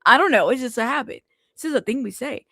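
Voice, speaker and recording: A woman's voice: sits high, expressive, quick pace, sharp tone, dry recording, studio quality. A woman hosting a casual news livestream, chatting with her live chat and using a lot of fillers. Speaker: news show host.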